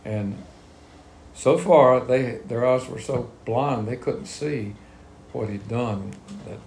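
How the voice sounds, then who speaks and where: A man's voice: medium pitch, slow, a little mellow. A man leading a Bible study, reading verses aloud and explaining them in plain, conversational talk. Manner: reads scripture then explains it in plain talk. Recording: echoey room with faint ambience.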